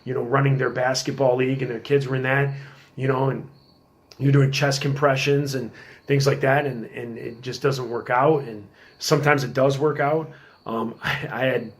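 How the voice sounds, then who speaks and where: A middle-aged man telling stories in a casual podcast chat, working as a police officer, animated and acting out quotes. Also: medium pitch, normal speed. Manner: animated storyteller, acts out quotes in a raised voice.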